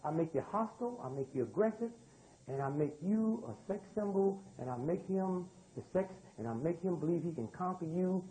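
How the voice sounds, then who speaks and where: An older man from the United States holds forth before a live audience in a teasing, streetwise manner. His voice sits high and swoops widely between phrases. The tone underneath stays mellow rather than bright. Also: expressive, normal speed, poor audio. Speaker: speaker addressing a live audience. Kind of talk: humorous lecture to a crowd.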